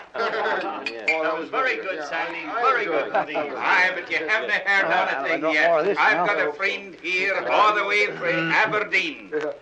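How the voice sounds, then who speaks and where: A man's voice: high-pitched, unhurried, rough recording. A man with a Scottish accent telling jokes to a party crowd in a folksy style, chuckling as he goes. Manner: chuckling, folksy storytelling in dialect. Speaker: comedian.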